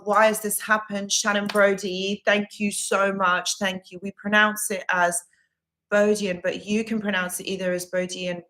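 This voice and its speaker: A woman's voice: mid-range voice, fairly bright tone. A woman recovery coach hosting a live Q&A stream, reading viewer comments aloud and answering with earnest, reassuring advice that she often repeats.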